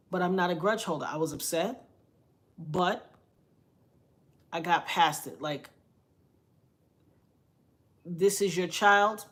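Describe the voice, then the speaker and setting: A middle-aged woman telling a personal story in a heartfelt, conversational way, often repeating lines for emphasis. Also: on the low side. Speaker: interviewee.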